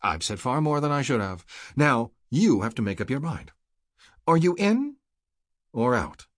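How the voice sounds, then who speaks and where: A man reading a brisk government recruiter who coaxes and presses a reluctant agent, in a husky voice. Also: medium pitch, sing-song, dry recording, clean studio sound, voice pushed up. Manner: brisk, smoothly persuasive.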